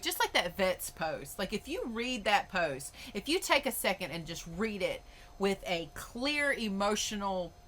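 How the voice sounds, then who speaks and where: A woman's voice: medium pitch, pushed and bright, a little hiss or hum. A woman hosting a podcast, ranting in a blunt, emphatic way and swearing freely. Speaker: podcast host. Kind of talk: opinionated podcast monologue.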